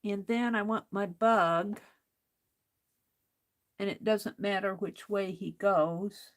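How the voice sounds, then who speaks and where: A woman talks her viewers through a craft project in a relaxed, unhurried way. She often mutters to herself as she works, hunting for tools and fixing small slips. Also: mid-range voice. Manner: slow, chatty, talks to herself while working. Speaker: craft livestream host. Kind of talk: casual crafting livestream talk.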